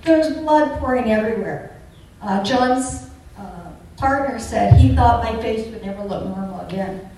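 An older woman tells her personal faith testimony in an earnest, chatty way, pressing fervently on the words that matter to her. Her voice sits slightly high. She is recorded from some distance in a strongly echoing room, with a faint hiss of noise underneath. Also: animated, moderate pace. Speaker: churchgoer giving a testimony.

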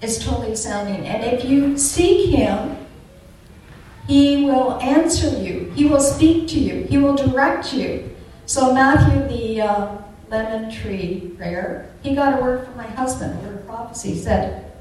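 An older woman tells her personal faith testimony in an earnest, chatty way, pressing fervently on the words that matter to her. Her voice sits slightly high. She is recorded from some distance in a strongly echoing room, with a faint hiss of noise underneath. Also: measured pace, darkish tone. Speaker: churchgoer giving a testimony.

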